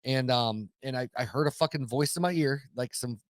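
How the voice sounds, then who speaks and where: A man's voice: medium pitch, moderate pace, dry recording. A man co-hosting a podcast, swearing a lot as he tells a story in casual chat. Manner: profane, animated storyteller. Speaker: podcast co-host.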